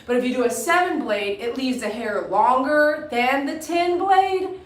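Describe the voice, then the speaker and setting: A woman's voice: high-pitched, lively intonation, unhurried. A woman dog groomer giving a casual grooming tutorial, chatty and coaxing a dog with short commands. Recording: roomy echo, mic at a distance.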